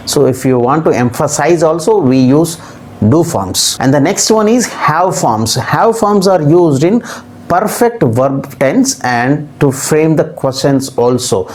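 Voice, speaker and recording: Low-voiced teacher. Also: female voice, lively intonation, unhurried, a little mellow, slight background noise. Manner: patient, explains step by step with repeated examples. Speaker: English teacher. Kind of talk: grammar lesson.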